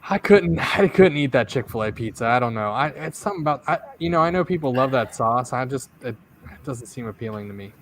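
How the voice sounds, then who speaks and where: A man with a mid-pitched voice chats casually on a podcast, often stopping and restarting his sentences. Faint background noise runs beneath him. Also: expressive, fast. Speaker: podcast co-host. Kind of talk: casual chat.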